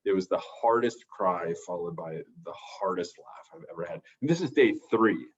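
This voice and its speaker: A man's voice: sits low, lively intonation, moderate pace, husky, muffled recording. A man, a therapist, telling a personal story in a casual, rambling way with many restarts. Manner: rambling, full of restarts and fillers. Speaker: podcast guest, therapist.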